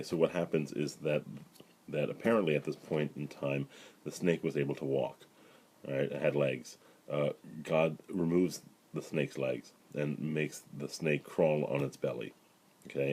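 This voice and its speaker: Middle-aged rabbi guy, super low voice, kinda husky, chatty bible class with lots of ums and right?s. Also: fairly even intonation, moderate pace, darkish tone. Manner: conversational, many fillers and "right?" asides, paraphrases dialogue. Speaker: rabbi teaching the weekly Torah portion. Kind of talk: casual spoken Bible lesson.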